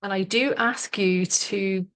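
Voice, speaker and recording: A woman's voice: medium pitch, fairly even intonation, slow, fairly bright tone. A middle-aged woman, leading a live online workshop as a coach in a chatty, giggly way full of fillers, over a webcam mic.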